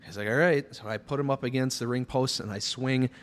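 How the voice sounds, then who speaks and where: A man on a studio podcast as a guest, telling long stories in a rambling, animated way with plenty of fillers. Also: medium pitch, brisk, slight background noise. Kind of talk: casual storytelling chat.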